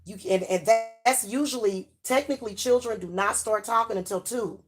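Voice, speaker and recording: In a casual advice talk to camera, a middle-aged woman who runs a channel tells parents frankly what she thinks. Her voice sits at medium pitch and moderate pace, and she chats along with many fillers and restarts.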